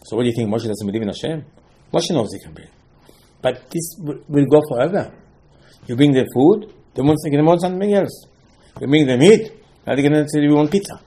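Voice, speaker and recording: A man's voice: mid-range voice, lively intonation, fairly quick, warm tone. Man giving an emphatic Torah class. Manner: emphatic, repetitive, asks and answers his own questions; non-native English phrasing. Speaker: Torah teacher.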